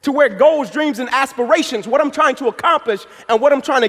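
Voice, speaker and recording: A man's voice: very high voice, fairly quick, few pauses, fairly bright tone. A man in his thirties from Atlanta, Georgia, giving a motivational speech, telling his story emphatically with a preacher-like build. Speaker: motivational speaker. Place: large event hall. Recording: long reverb of a large hall.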